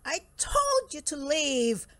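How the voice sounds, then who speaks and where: A woman voicing a grumpy male bear who hates visitors, with loud, exasperated outbursts, in a storybook read-aloud. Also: high voice, little pitch movement, slow, no echo. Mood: stern.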